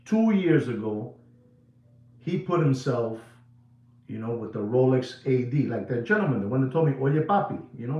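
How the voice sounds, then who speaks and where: A man who speaks Spanish natively, hosting his watch channel in a casual monologue, addressing viewers as ladies and gentlemen and repeating phrases for emphasis. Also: mid-range voice, dull audio. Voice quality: emphatic, repetitive, drawn-out phrasing. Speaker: watch dealer channel host. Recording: echoey room.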